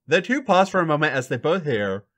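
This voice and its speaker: A man hosting a podcast, reading a fan fiction story aloud with an animated, dramatic delivery. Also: on the high side, brisk.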